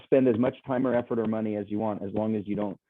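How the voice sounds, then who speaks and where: A guest speaker with a low voice, fairly even intonation, and fast delivery makes an enthusiastic, casual sales pitch over a video call. He rambles with frequent restarts, and the call audio sounds tinny, phone-like, and dry.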